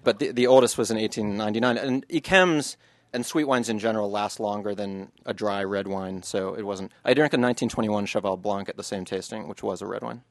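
A man's voice: fairly low pitch, steady tone, brisk, no echo. A man, an author, reading passages from his book to an audience and then answering questions in a loose, chatty way.

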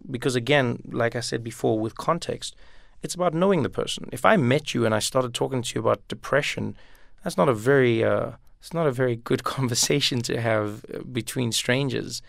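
A man's voice: medium pitch, brisk, creaky, no room sound, clean studio sound. A man from Africa, talking thoughtfully as an interview guest and repeating words as he thinks. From South Africa. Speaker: comedian guest. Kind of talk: reflective interview talk.

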